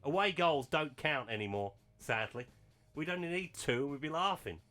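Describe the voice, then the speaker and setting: Over faint background music, a gaming channel host with a slightly high voice talks at a moderate pace. His live football management game commentary is excitable, punctuated by shouts and laughs at major moments.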